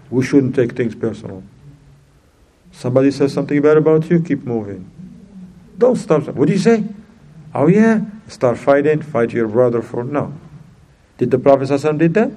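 A man preaching a sermon in a lively way, mixing in Arabic terms and acting out quoted speakers with sudden high jumps in pitch. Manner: non-native phrasing, mixes in Arabic terms.

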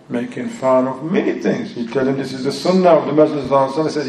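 A man's voice: medium pitch, quick pace, creaky, warm tone, slight background noise. A man giving a religious lesson in English with a non-native accent, often switching into Arabic phrases and recitation. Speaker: Islamic teacher. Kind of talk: religious lesson explaining a text. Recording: echoey room, voice from far off.

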